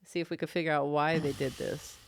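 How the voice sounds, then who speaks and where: A woman co-hosting a casual TV talk podcast, chatty and quick to laugh. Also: low voice, steady tone, dry recording. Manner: giggly, chatty, laughs often. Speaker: podcast co-host. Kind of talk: casual chat.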